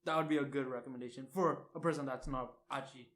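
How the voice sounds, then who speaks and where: A man's voice: mid-range voice, fairly even intonation, fast, a bit bright. A young man co-hosting a casual podcast who asks questions and gives earnest recommendations. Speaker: podcast co-host. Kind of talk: casual chat.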